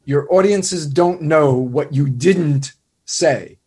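A man's voice: a little high, slow pace, a little mellow, husky. A man talking animatedly in a podcast conversation, scoffing and restarting his sentences.

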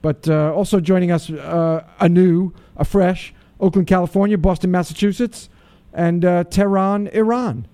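A man's voice: sits high, steady tone, normal speed, mellow, no echo. A man hosting a radio talk show, chatting casually in a playful, digressive way with frequent restarts.

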